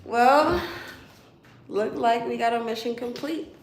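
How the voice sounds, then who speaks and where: A woman's voice: a little high, slow, far from the mic. A woman chatting with viewers on a livestream while walking on a treadmill, laughing easily. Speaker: livestream host. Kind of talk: casual livestream chat. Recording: very echoey room, off-mic, noisy background.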